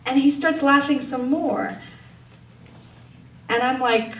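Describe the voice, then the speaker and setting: A woman tells a true story live on stage, wry and conversational, laughing now and then as she talks. Her voice sits a little high. The sound is echoey and picked up from some distance, with faint room ambience behind her. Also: takes it slowly, pauses often. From Poland. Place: theater stage before an audience.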